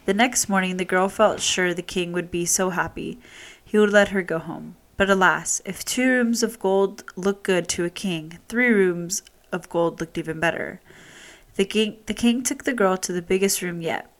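A woman's voice: fairly low pitch, normal speed. Woman reading a fairy tale aloud. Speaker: storyteller.

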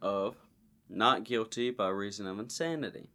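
Male podcast co-host, low-ish voice, joking true-crime storyteller. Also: moderate pace, pushed and bright. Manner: joking, reads a case aloud. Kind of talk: casual true-crime chat.

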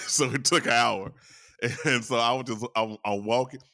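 A young man hosting a casual podcast, speaking at an ordinary pitch in a dry, close-mic sound. He tells stories in an animated way, laughs often and swears freely. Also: moderate pace, no echo. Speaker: podcast host. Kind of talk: casual chat.

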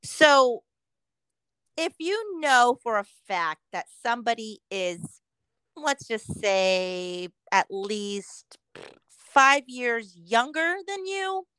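A woman's voice: fairly high pitch, big pitch swings, very slow, bright, forceful tone, smooth, no echo, low-quality recording. A middle-aged woman co-hosting a podcast in casual chat, talkative and laughing often as she quotes people. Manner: chatty, laughing often, quoting others in voices. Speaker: podcast co-host.

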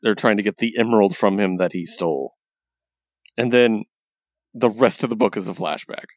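A man hosting a casual podcast, animated and profane as he acts out scenes from a comic. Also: lowish voice, moderate pace, no room sound, studio quality. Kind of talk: casual comic book chat.

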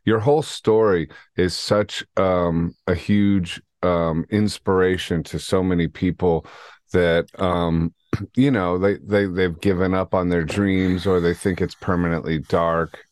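A man's voice: low voice, no room sound, clean studio sound. A male interviewer on a video call, talking in a casual, rambling way with lots of fillers. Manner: rambling, many fillers and restarts. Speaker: podcast host.

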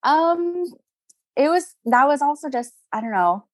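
A woman's voice: sits high, expressive, measured pace, no echo. A young adult woman chatting as an interview guest, upbeat and full of "like" and "you know". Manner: chatty, upbeat, lots of "like" and "you know" fillers, frequent laughs. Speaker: guest, crystal seller. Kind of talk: casual interview chat.

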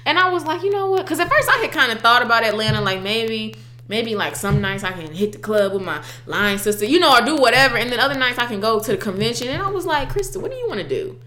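A woman in her twenties co-hosting a casual chat, animated and playful, often acting out what others said. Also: on the high side, fast talker, reverberant. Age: 20s.

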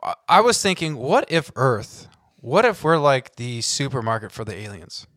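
Lively, teasing male podcast host. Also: mid-range voice, normal speed, no echo. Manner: teasing, swears casually, excitable. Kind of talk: casual chat.

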